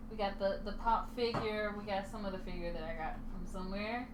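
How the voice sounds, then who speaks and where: A woman's voice: mid-range voice, brisk. A woman co-hosting a podcast in casual chat, playful and teasing and laughing often. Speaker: podcast co-host. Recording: echoey room with clear background noise.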